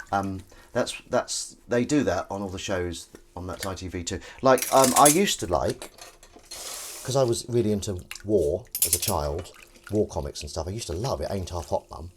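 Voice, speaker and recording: A man's voice: low voice, animated, normal speed, noisy background. A man hosting a livestream, chatting and rambling while washing dishes. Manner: rambling, chatty, self-interrupting. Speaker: livestream host. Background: clattering dishes and cutlery.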